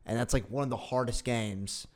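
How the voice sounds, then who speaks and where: A man's voice: mid-range voice, normal speed. A young man co-hosting a podcast, boasting and swearing in crude casual banter. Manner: boastful, profane, animated. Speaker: podcast co-host.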